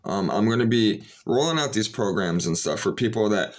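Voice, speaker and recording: A man's voice: on the low side, expressive, moderate pace. A man talking casually straight to his viewers in a rambling, earnest way, with frequent fillers and restarts. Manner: rambling, full of "you know" fillers and restarts. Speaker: vlogger. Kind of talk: casual spoken monologue to viewers.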